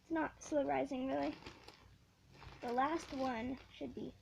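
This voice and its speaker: A teenage girl with a high voice talks slowly and easily through a homemade unboxing video. She gets excitable and giggly and gushes over what she finds. A faint hiss of room noise sits under her voice. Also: creaky, rough recording. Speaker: vlogger. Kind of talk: casual unboxing vlog.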